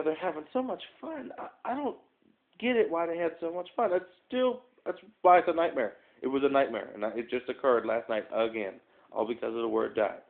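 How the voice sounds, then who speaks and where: A man telling a rambling, self-mocking story to his phone's front camera, full of fillers and asides. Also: a little high. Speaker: vlogger. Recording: tinny phone-quality audio.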